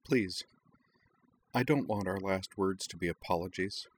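A quiet young woman speaks in a soft, gentle way, as a man reads her lines. The voice stays low and hushed. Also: unhurried, a little hiss or hum. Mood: tearful. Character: quiet tender young woman, the Rose Bride.

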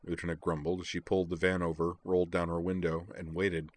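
A man narrating a story in a steady audiobook style. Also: deep voice, fairly quick, hardly any pauses.

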